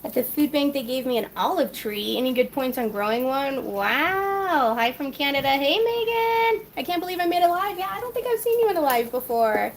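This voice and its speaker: High-voiced chatty woman hosting a cooking livestream. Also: expressive, normal speed, few pauses, a little hiss or hum. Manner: chatty and scattered, reads viewer comments aloud. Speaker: mother. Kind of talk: casual live-stream chat while cooking. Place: home kitchen.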